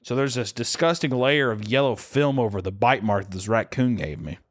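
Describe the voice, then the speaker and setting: A man's voice: mid-range voice, normal speed. Profane man telling a wild story. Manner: profane, animated, acts out voices in quotes. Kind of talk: casual storytelling chat.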